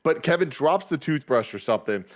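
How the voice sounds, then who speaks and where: A man's voice: a little high, animated, brisk. A man co-hosting a podcast, retelling a funny moment in an amused, laughing way. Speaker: podcast co-host. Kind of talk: casual chat.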